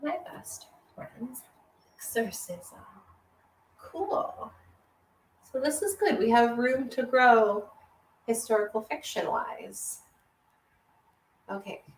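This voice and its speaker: A woman's voice: a little high, expressive, slow pace, long pauses, far from the mic, a little hiss or hum. A woman book vlogger chatting casually to herself while shelving books at home. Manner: chatty, musing, half to herself. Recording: roomy, off-mic with faint ambience.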